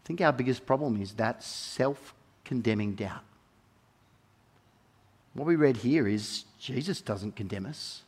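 A man's voice: mid-range voice, expressive, unhurried, long pauses, husky. Emphatic male preacher with a mid-range voice. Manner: emphatic, repeats key phrases for weight; dynamic, swinging from soft to loud. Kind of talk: sermon.

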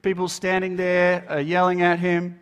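Male minister, sermon, slightly high voice, storytelling, dramatic hushed drops. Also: completely flat delivery, moderate pace, clear, resonant tone. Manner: storytelling, dramatic swings between loud emphasis and hushed low delivery.

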